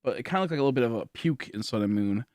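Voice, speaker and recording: A young man livestreaming from home, tired and rambling as he chats with his viewers. His pitch sits in a middling range, and he talks out loud as he weighs what to do next, leaning on filler words. The recording is close and dry, with no room sound. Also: expressive, very fast, no room sound. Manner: rambling, filler-heavy, thinking aloud. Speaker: game streamer. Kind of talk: casual livestream chat to viewers. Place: at home, indoors.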